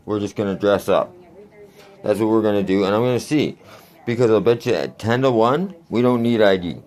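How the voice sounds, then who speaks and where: A man's voice: fairly low pitch, a little fast, darkish tone. A man in his forties telling a rambling, crude story in a casual vlog, laughing often. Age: 40s. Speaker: vlogger.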